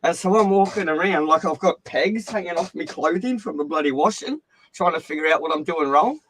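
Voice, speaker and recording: Aussie guy yarning on a stream, fairly high voice, swears heaps, dry close mic. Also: brisk, fairly bright tone, no room sound. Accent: Australian. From Australia. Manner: chatty, laughing, swears freely, reads out chat. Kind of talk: casual crude chat on a livestream.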